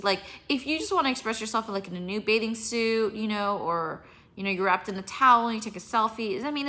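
A woman's voice: on the high side, bright, forceful tone. A young adult woman talking to her viewers in a casual vlog, rambling, swearing and searching for words, yawning now and then. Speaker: vlogger.

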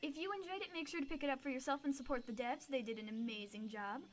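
Over game music and a slight hiss or hum, a young woman speaks fast in a high-pitched voice. She's a gaming video host giving playful gameplay commentary, bubbly and often squealing or exclaiming.

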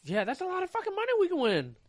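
A young man co-hosting a podcast, excited and slangy in casual chat. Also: very high-pitched, very fast. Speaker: podcast co-host.

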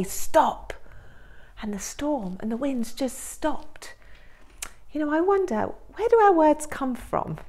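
A woman presenting a children's assembly and telling a story in an expressive way, dropping to hushed whispers and then rising to excited, louder bursts. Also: medium pitch.

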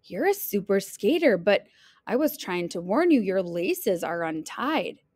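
A woman voicing a storybook big bad wolf who is secretly kind, speaking gently. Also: mid-range voice, big pitch swings, measured pace, no room sound, clean studio sound. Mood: gentle.

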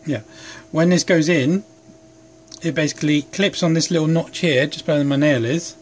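A young man with a slightly higher voice talks in a loose, rambling, self-deprecating way as he works at a home bench. He sounds a little sleep deprived. A faint hum sits under the phone recording. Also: normal speed. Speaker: hobby craft vlogger. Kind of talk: casual chat while working. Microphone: phone camera.

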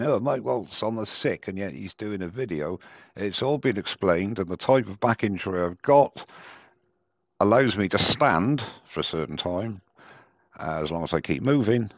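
A man's voice: low-pitched, no room sound. A man hosting a live demo stream, chatting casually and joking at his own expense over a headset. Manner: chatty, self-mocking, rambling. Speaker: host of a live woodturning demo. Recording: dull, dry headset sound.

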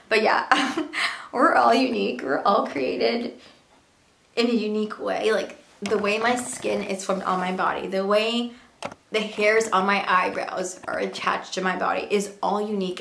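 Young female vlogger, earnest and animated, mid pitch, echoey room. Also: vocal fry, slight background noise. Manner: earnest, animated, rhetorical questions. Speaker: beauty and lifestyle vlogger. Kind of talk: casual talk to camera.

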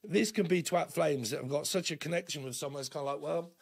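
A man's voice: a little high, fast talker, creaky, slightly rough. A man giving a casual, rambling tarot reading. He laughs often and acts out little imagined conversations. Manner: acts out imagined dialogues in shifting voices. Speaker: tarot reader.

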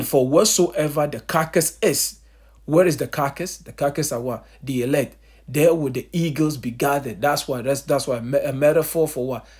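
A man's voice: mid-range voice, breathy edge. A man preaching a sermon, calling his listeners family and answering his own rhetorical questions.

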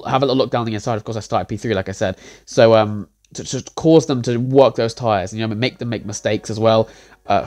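A man's voice: mid-range voice, darkish tone. A young man recapping a sim racing league round in a casual, rambling way, full of fillers, self-corrections and little chuckles. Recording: faint music behind.

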